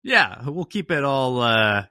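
Upbeat male host, bright tone, jokey and loose. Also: mid-range voice, very animated, takes it slowly, smooth, no echo, studio quality. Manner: joking, laughs at his own slips. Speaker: podcast host. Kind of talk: casual chat.

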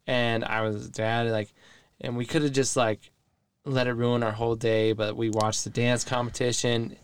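A man's voice: medium pitch, little pitch movement, normal speed, clear, resonant tone. A man co-hosting a podcast, chatting casually in a supportive, reflective and somewhat rambling way. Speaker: podcast co-host.

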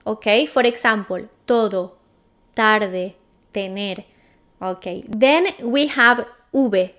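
A woman with a Spanish accent teaching a clear, patient pronunciation lesson. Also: on the high side, a bit bright. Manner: clear, patient, checks in with "okay?".

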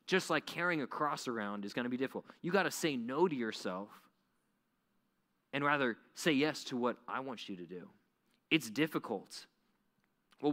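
Male youth pastor, casual animated delivery, reverberant hall sound. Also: mid-range voice. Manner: conversational, animated, many "like" fillers. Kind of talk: youth sermon.

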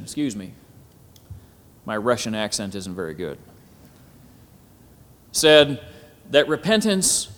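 A man preaching a sermon at a symposium, often pausing on "Amen" and building to emphatic, climbing phrases. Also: fairly high pitch. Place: hall at a symposium. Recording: echoey hall.

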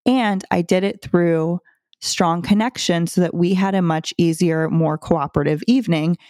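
Low-voiced woman hosting a parenting podcast. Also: darkish tone, no echo, clean studio sound. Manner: conversational, chuckles between stories. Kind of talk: casual advice talk.

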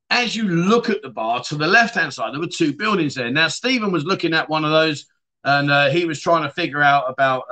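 A man's voice: a little high, bright, forceful tone. A man hosting a casual livestream chat show, reading viewer comments aloud and answering them in a chatty way.

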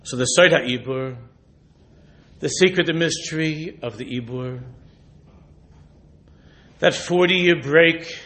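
A rabbi gives a Torah lecture in a voice that sits a little high for a man. He weaves Hebrew and Yiddish terms through his English and presses his listeners with searching rhetorical questions. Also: slow, long pauses. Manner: drops to a hushed, intimate voice when retelling a story. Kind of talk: sermon.

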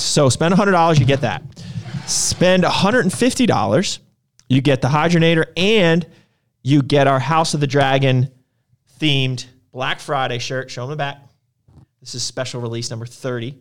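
A young man hosting a casual promotional chat about store sales. He talks in a loose, rambling way and often stops and restarts his sentences. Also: mid-range voice. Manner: loose and chatty, stops and restarts, jumps between deals. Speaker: gym owner and supplement shop host.

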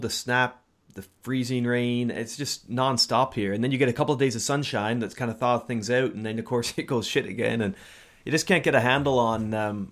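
A man co-hosting a casual book podcast, chatting wryly and playfully. He slips into mock-formal phrasing for comic effect. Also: mid-range voice. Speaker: podcast co-host. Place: home in Scotland.

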